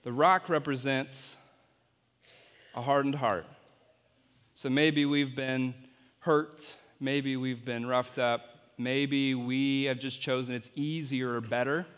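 A man's voice: mid-range voice, fairly even intonation, unhurried, fairly bright tone, clean tone. Playful man preaching in a reverberant hall. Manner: playful, coaching volunteers on stage. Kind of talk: object-lesson sermon with volunteers.

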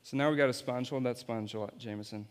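A man's voice: medium pitch, a little fast, clean tone. A man, apparently a youth pastor, giving an object-lesson sermon and playfully coaching volunteers on stage. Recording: long hall reverb.

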